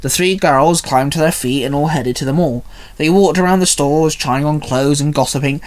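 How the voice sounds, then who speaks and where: A man's voice: a little high, moderate pace. A man reading fan fiction aloud as narrator, in a plain storytelling read.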